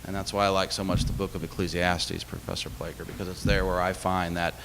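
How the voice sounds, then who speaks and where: A man's voice: deep voice, little pitch movement, a little fast, vocal fry, a bit bright. A man giving a chapel talk to a college audience, telling stories in a conversational way with fillers and self-deprecating humor. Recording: long hall reverb, faint background noise.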